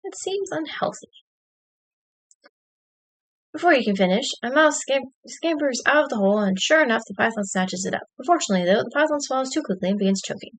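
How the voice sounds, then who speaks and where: A woman's voice: fairly high pitch, expressive, fast talker, hardly any pauses. A woman streamer reading an interactive story aloud, dropping wry, dry asides between passages.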